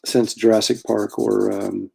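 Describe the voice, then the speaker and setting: Gravelly middle-aged man chatting while drawing. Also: fairly low pitch, level tone, unhurried, mellow. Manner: rambling, self-deprecating, chuckles often. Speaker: comic artist drawing live commissions. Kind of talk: casual chat while drawing.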